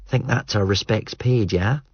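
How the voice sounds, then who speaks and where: A man's voice: lowish voice, unhurried, slightly rough, no room sound, highs cut off, voice pushed up. A man voicing a blunt, breezy young woman.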